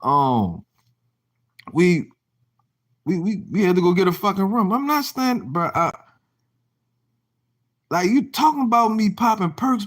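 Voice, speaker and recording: A man's voice: sits high, very animated, a little slow, pauses often. A man rants to his livestream viewers in a slightly raised voice that swings widely up and down. He tells profane, rambling stories and stumbles into restarts. His tone turns mocking as he gossips and laughs. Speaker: livestream host. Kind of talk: casual livestream rant.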